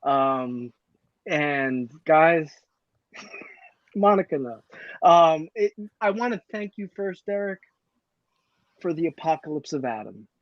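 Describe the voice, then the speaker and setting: Give me a hesitant male caller with a slightly high voice on muffled call audio. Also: animated, slow pace, long pauses, no echo. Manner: hesitant, full of ums. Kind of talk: casual call-in chat. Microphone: headphones, online call.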